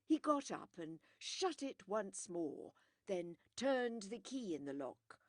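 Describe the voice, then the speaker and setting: A woman narrating a mystery audiobook in a measured storytelling manner, with dramatic pauses. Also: mid-range voice, very animated, no room sound, studio quality. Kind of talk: scripted narration.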